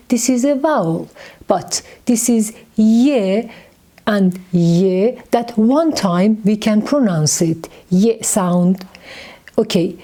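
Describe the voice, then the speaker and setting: A woman with a Persian accent gives a slow, patient beginner lesson. She repeats each letter and word, and her voice sounds mellow and dark. Her speech is measured and unhurried. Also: mid-range voice. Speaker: Persian language teacher.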